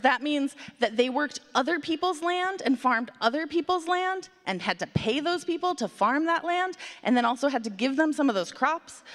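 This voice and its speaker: A woman telling a story to children and the congregation at a worship service, in an animated, conversational way with playful asides. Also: sits high. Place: church sanctuary. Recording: long hall reverb.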